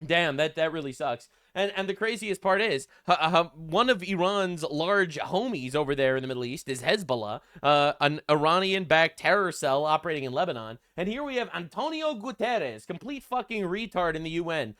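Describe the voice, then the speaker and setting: A man's voice: a little high, big pitch swings, normal speed, hardly any pauses, a bit bright. A man ranting in a political commentary vlog, profane and sarcastic, getting heated.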